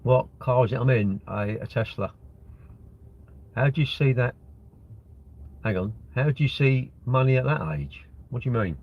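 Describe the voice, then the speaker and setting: A man's voice: medium pitch, normal speed, pauses often, lo-fi sound. A man, chatting casually on a live stream from his car and answering viewer comments in a rambling way. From Britain. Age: 60s. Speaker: livestream host. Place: inside a parked car. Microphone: phone propped at the windscreen.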